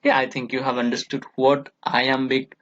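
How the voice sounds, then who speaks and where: A man with an Indian English accent, a college English lecturer explaining verse meter slowly and patiently and checking in with "okay" again and again. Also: mid-range voice, monotone, a bit bright. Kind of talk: recorded classroom lecture. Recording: dull lo-fi audio.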